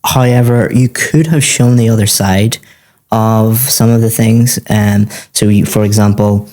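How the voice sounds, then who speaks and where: A man's voice: lowish voice, steady tone, a little slow, a little mellow. A man teaching, giving a student methodical, encouraging feedback on a speaking exam.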